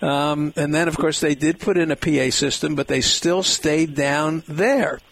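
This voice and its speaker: A male radio host with a gravelly, fry-edged voice that sits a bit high. He tells stories in a loose, chatty way. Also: measured pace. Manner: chatty storyteller. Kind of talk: casual radio interview.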